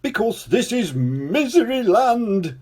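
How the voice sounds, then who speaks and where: Sobbing storybook king voiced by a man, high wailing voice, drawn-out slow sobs, husky edge. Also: wildly swooping pitch, darkish tone, exaggerated voice. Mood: weeping. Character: weepy unhappy male king of a gloomy land.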